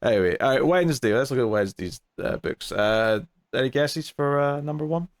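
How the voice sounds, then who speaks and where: A man's voice: mid-range voice, lively intonation, a little fast. A man co-hosting a comics podcast in casual chat, dry and blunt with mock outrage. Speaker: podcast co-host.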